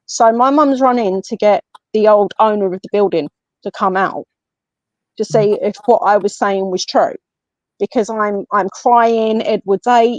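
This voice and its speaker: A medium and paranormal investigator from England guests on a podcast, relating a personal story in a casual, animated manner and acting out others' words. Her voice sits mid-range, and the dry lo-fi audio is slightly muffled with no echo.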